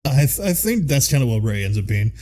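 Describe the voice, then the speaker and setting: A man's voice: medium pitch, sing-song, quick pace, mellow. A man with a Midwestern American accent, co-hosting a casual podcast chat, rambling and enthusiastic with lots of fillers. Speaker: podcast co-host.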